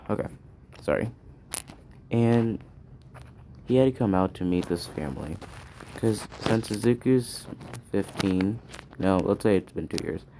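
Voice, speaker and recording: A man's voice: on the low side, lively intonation, slow, gravelly, long pauses, mellow, slight background noise. A man improvising a fan story aloud, rambling and hesitant as he thinks it up.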